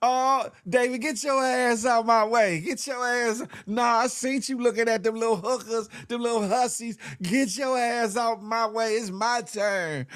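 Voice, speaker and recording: A man voicing a brassy, bragging older woman who talks loud and sassy with drawn-out phrasing. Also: sits high, steady tone, clear, resonant tone. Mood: rowdy.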